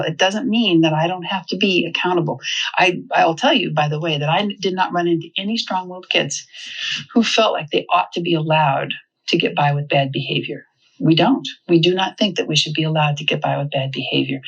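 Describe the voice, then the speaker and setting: Husky-voiced woman giving a talk. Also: deep voice, rough recording. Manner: animated, humorous storytelling. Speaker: parenting speaker. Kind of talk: live seminar talk.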